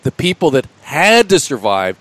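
A man on a casual talk show, explaining his own theory at length in a measured way. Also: fairly high pitch, sing-song, a bit bright.

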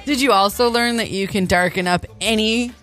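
A woman's voice: mid-range voice, normal speed, a bit bright, soft background music. A woman co-hosting a casual podcast chat, joking and teasing and laughing often. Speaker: podcast co-host.

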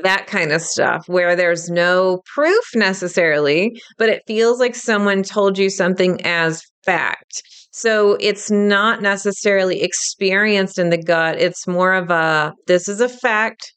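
A middle-aged woman teaching about intuition in a casual, animated monologue, laughing easily and acting out quoted thoughts. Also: medium pitch, a little slow, few pauses, clear, resonant tone.

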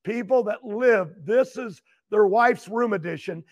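With a high-pitched, unhurried delivery, this older guest, a retired champion racer, recounts a long, emotional tale. He wanders and repeats himself as his feelings build, and the sound is lo-fi.

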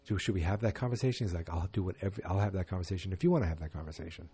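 A man casually retelling a TV episode as a podcast host, quoting the characters in quick voices and adding sarcastic asides. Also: low-pitched, expressive, mellow, slightly rough. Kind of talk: casual recap chat.

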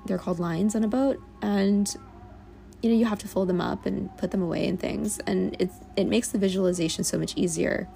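Candid woman musing, gravelly low voice. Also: mellow. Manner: rambling, candid, with frequent "like" and swearing. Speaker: vlogger. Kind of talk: reflective casual monologue. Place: on a boat in a small village.

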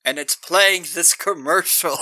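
Laughing and animated, this co-host recounts film scenes during a casual podcast discussion about movies. He speaks at a measured pace in a slightly high voice, with no room sound on the recording.

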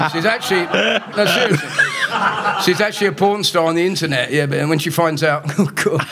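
With a fairly high voice, moderate pace and long pauses, this comedian does live podcast stand-up storytelling over background noise. He teases the crowd, cracks jokes and laughs at his own material.

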